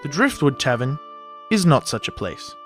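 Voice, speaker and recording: A man reading scripted fantasy narration in a measured storytelling manner. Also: medium pitch, big pitch swings. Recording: narration over soft fantasy music.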